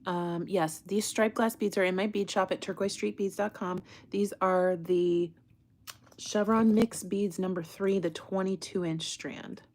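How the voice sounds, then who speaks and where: A woman hosts a casual jewelry-making livestream in a medium-pitched, steady, slightly mellow voice, keeping a measured pace. She chats, laughs often, reads comments from viewers, and occasionally drops to a whisper while crafting.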